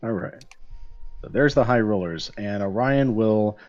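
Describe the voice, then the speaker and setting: A man playing a tabletop game, easygoing and relaxed. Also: fairly low pitch, measured pace, faint music behind. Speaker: player. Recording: dull lo-fi audio.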